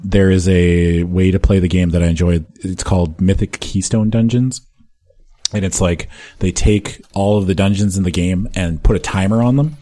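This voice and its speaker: A man's voice: low-pitched, dark tone. A man talking casually as a podcast guest, joking and laughing as he talks.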